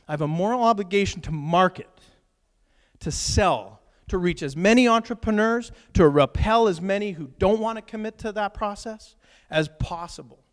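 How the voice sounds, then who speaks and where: A chatty man in his forties with a fairly high voice talks to his listeners as a business coach. He keeps his delivery loose and upbeat and often ends lines with "right?". His voice trails off into a long reverb. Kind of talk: casual talk to camera.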